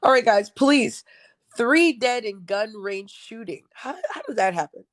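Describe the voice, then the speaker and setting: A woman's voice: a little high, animated, a little slow. A young woman hosting her own show, reading news headlines aloud and reacting with blunt, sarcastic remarks and frequent laughs. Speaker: show host.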